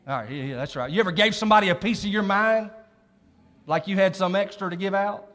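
A man's voice: sits high, quick pace, fairly bright tone. Man preaching a joking sermon in a reverberant hall. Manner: conversational, joking asides to the congregation. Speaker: pastor. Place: church sanctuary.

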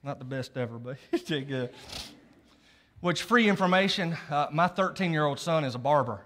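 A folksy preacher with a fairly high voice spins a sermon as a story, chuckling at himself and checking in with the crowd. His voice rings with the long reverb of a large hall. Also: lively intonation, normal speed, fairly bright tone, slight background noise. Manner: folksy, laughs at his own story, often checks in with the audience. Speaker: pastor.

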